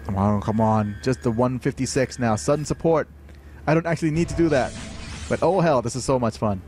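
A man hosting a game livestream, commentating as he plays, prone to excitable high-pitched outbursts and thinking aloud with many fillers. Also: brisk, soft background music. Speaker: livestream host playing a game. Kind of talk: live gameplay commentary.

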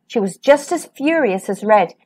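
A woman hosting a storytime channel, reading a children's picture book aloud with lively expression. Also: mid-range voice, normal speed, husky. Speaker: storytime host.

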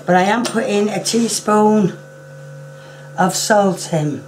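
A hoarse woman who is losing her voice talks casually through a home cooking demonstration. She often clears her throat and apologises. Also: mid-range voice, slow pace, slight background noise.

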